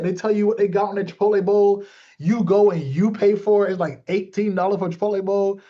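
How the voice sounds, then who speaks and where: A man's voice: sits high, brisk, warm tone, dull audio. A man coaching his sales team in a live motivational talk, blunt and joking, calling on listeners by name and acting out little exchanges.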